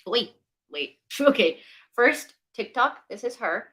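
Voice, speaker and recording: A young woman chats with her livestream audience from a desk mic at home. Her voice is bright and carries a bit of edge. She fills pauses with "um" and turns sarcastic when she is annoyed. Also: fairly high pitch, lively intonation, low-quality recording. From Ukraine. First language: Ukrainian. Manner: chatty, with many fillers, sarcastic asides. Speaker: livestream host. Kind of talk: casual livestream chat.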